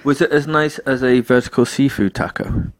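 A man's voice: medium pitch, steady tone, normal speed, no echo. A young man co-hosting a podcast, rambling cheerfully and laughing easily in casual chat. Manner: giggly, rambling, enthusiastic. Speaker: podcast co-host.

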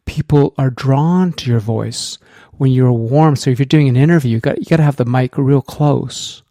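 A man's voice: mid-range voice, moderate pace, dark tone, no room sound. A middle-aged man coaching casually on voice, enthusiastic and rambling, speaking close to the microphone. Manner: enthusiastic, rambling, self-promoting.

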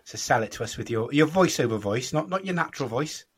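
A man's voice: mid-range voice, animated, quick pace, husky. A young man hosting a casual podcast chat, teasing his co-hosts and steering the talk. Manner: teasing, jokey, leads the chat. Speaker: podcast host.

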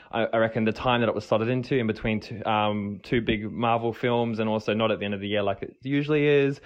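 A man's voice: mid-range voice, highs cut off. A man from New Zealand leaving a casual, rambling voice message for a podcast, full of ums and restarts. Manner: rambling, lots of fillers and restarts. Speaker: listener sending a voice message.

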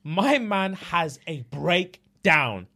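A man with a London accent co-hosting a podcast, telling a story in a casual, animated way and acting out what people said in different voices, with plenty of swearing. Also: high-pitched, drawn-out words. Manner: acts out quotes in changing voices, swears freely. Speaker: podcast co-host. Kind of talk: casual chat, animated retelling.

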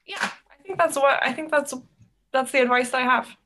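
A woman's voice: high-pitched, brisk. A young woman hosting a podcast, chatting casually and telling stories with lots of fillers. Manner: animated storytelling, many fillers. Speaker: podcast host. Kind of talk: casual chat.

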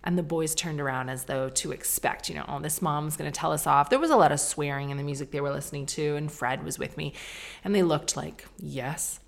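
A woman's voice: low voice, fast talker, gravelly. A middle-aged woman hosting a podcast, rambling through a self-deprecating, stream-of-consciousness monologue with casual swearing. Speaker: podcast host.

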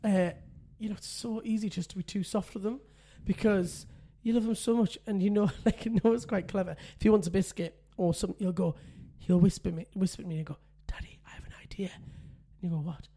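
A man in his thirties co-hosting a casual podcast chat. His voice sits fairly high for a man. He tells stories in a chatty way and laughs often. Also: steady tone, a little fast, gravelly, few pauses, dark tone. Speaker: podcast co-host.

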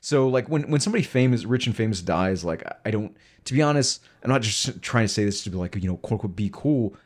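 A man's voice: lowish voice, animated, quick pace. A man co-hosting a casual podcast, speaking frankly with lots of filler words. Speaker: podcast co-host. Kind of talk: casual chat.

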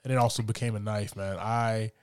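Man, casual movie chat, laid-back, filler-heavy, lowish voice, dry close sound. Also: little pitch movement, fairly quick, clean tone, dry recording. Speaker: movie review podcast co-host.

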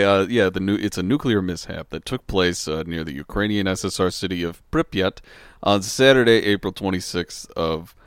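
A man's voice: low-pitched, smooth, dry recording, clean studio sound. A man co-hosting a podcast, laid-back and profane, reading out facts between casual chat. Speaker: podcast co-host.

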